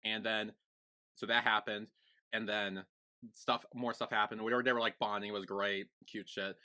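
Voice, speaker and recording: A man co-hosting a podcast, recapping a TV series in casual chat, rambling and excitable with lots of fillers. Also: on the low side, moderate pace. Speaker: podcast co-host.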